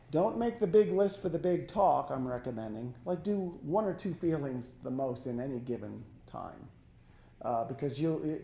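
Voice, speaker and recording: A man giving a life-coaching talk to a small audience, speaking in a halting, conversational way and often correcting himself. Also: fairly high pitch, mellow. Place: lodge hall. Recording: echoey hall.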